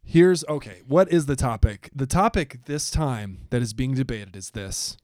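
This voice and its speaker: A man co-hosting a casual podcast, joking with his co-host and reading quotes aloud at a slow pace. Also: medium pitch, animated, a little mellow. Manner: reads quotes aloud slowly, jokey. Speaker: podcast co-host, biblical studies teacher.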